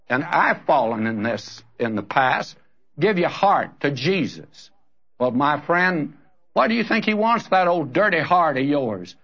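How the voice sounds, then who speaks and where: A man's voice: a little high, fairly bright tone. An older man preaching a sermon, earnest and direct, rising to emphatic rebukes. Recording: dull lo-fi archival recording.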